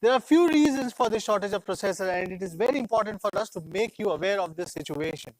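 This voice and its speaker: A man's voice: high-pitched, lively intonation, fast talker, dry recording, rough recording. Proud man giving a keynote. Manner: proud, rallying and declamatory. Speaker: company executive presenting a product launch. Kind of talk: scripted keynote speech.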